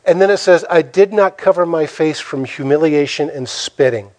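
A man's voice: on the high side, normal speed. A man preaching a sermon in a dramatic way, asking the listeners rhetorical questions and acting out the quotes he tells. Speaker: pastor.

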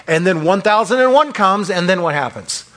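A man preaching a sermon as pastor, acting out quick voices of the accuser and of self-righteous churchgoers. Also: high voice. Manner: acts out voices of Satan and churchgoers, animated.

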